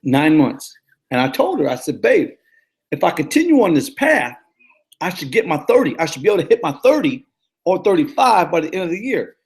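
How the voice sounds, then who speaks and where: A man in his thirties, a life coach giving a casual, energetic motivational talk that repeats its points and often stumbles and restarts. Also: fairly high pitch, fairly quick. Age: 30s. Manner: energetic, repetitive, preachy pep talk.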